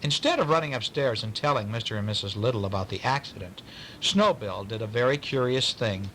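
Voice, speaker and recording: A man reading a bedtime story aloud to a child, pausing to ask questions in a playful way. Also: medium pitch, fairly bright tone, a little hiss or hum, rough recording.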